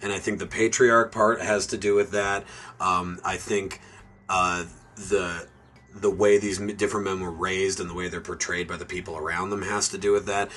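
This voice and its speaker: A man with a lowish voice and a bright, forward tone talks through a film on a podcast. He rambles a bit, stacking fillers and restarts as he works out his points. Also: level tone, moderate pace, slight background noise. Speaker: podcast co-host. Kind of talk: casual movie review chat.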